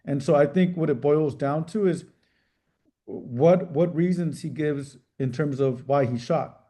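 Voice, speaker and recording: Mellow-voiced man, careful legal talk. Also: on the high side. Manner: measured, careful, frequent restarts. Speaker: civil rights trial attorney. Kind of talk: interview answers.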